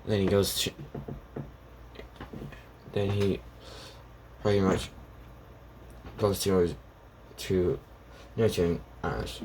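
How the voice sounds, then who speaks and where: Brief: deep-voiced man, slow and unhurried, narrating an improvised fan story, faint noise behind. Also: steady tone. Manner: rambling, halting, acts out lines of characters.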